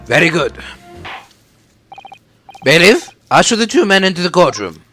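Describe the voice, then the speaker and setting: A man voicing a formal, measured courtroom judge. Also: high voice, big pitch swings, fairly bright tone, faint music behind.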